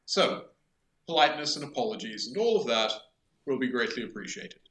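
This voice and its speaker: Pompous formal doctor, stern about decorum, played by a man, lively pitch, bright tone, echoey room. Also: fairly quick. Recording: echoey room with light noise.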